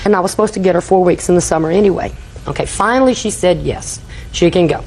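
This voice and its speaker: A woman's voice: lowish voice, quick pace, darkish tone, a little hiss or hum, low-quality recording. An older woman testifying in a TV courtroom, telling a rambling story and acting out quoted dialogue. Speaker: litigant.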